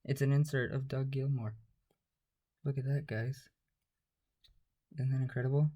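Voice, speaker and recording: A man hosting a casual card-unboxing vlog, talking quietly in a half-whisper, sarcastic and dismissive. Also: mid-range voice, little pitch movement, normal speed. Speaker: card-opening channel host. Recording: noisy home recording with pack crinkling.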